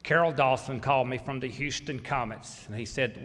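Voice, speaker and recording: A man's voice: mid-range voice, moderate pace, hardly any pauses, a bit bright. A man in his sixties from Mississippi with a Southern accent, giving a folksy, grateful and humorous acceptance speech as a basketball coach. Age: 60s. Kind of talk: hall of fame acceptance speech. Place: large hall. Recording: echoey hall reverb.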